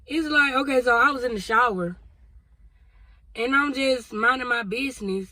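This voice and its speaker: A woman's voice: on the high side, unhurried, pauses often, pushed and bright, dry recording. A woman vlogger sharing a spiritual testimony in a casual, emotional, conversational way, talking straight to her viewers. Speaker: vlogger sharing a prophetic word.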